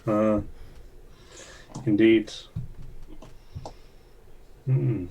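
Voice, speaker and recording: A man playing a tabletop game, speaking in character in a formal, measured way. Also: on the low side, fairly even intonation, a little mellow, lo-fi sound. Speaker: player.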